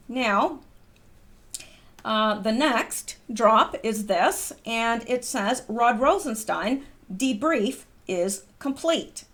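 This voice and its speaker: A middle-aged woman from the United States hosting her own channel, reading posts aloud and chatting in a rambling way with lots of ums. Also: mid-range voice. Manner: chatty, rambling, wanders off topic with filler ums. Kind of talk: casual commentary vlog.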